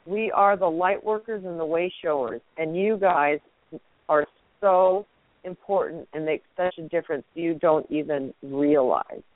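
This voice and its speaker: A woman's voice: deep voice, a little slow, no echo. A woman speaking as a guest radio host, effusive and encouraging in a spiritual, uplifting way. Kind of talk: inspirational phone interview. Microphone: phone. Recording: tinny phone line.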